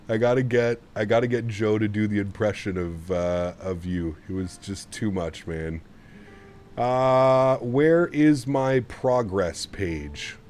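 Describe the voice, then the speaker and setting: A low-pitched man streaming from his home sim setup, talking loosely to chat between cockpit tasks. He rambles and trails off, with faint ambient noise behind his voice. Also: slow pace, a little mellow. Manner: chatty, rambling, laughs often. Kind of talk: casual live-stream chat.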